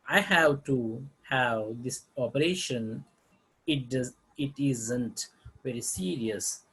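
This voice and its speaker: A man's voice: medium pitch, husky, poor audio. A man teaching a lesson on figures of speech, reading examples aloud with frequent halts and restarts.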